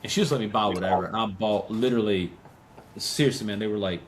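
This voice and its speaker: A man co-hosting a podcast, telling a story in a casual, animated way. He acts out quoted voices and laughs often. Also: fairly low pitch, quick pace, a little hiss or hum. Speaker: podcast co-host.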